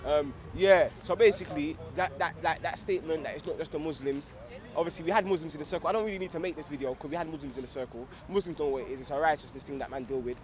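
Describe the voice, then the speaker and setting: A man's voice: fairly high pitch, rapid-fire. A young man speaking casually outdoors on a street, full of slang and frequent "you get me". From England. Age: young adult. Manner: slangy, repeats "you get me", grows fervent and loud. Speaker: organiser of a street discussion circle.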